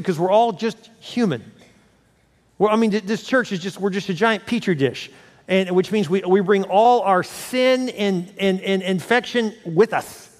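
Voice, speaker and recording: A man preaching as pastor, telling the story with lively acted-out voices and frequent restarts. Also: high-pitched, big-room sound. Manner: animated storytelling, acting out voices, many restarts. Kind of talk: sermon.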